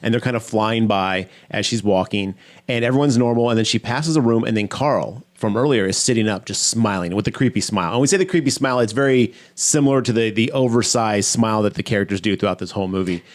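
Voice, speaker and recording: A man's voice: on the low side, fast talker. A man co-hosting a podcast, chatting casually and rambling as he recaps movie scenes. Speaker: podcast co-host.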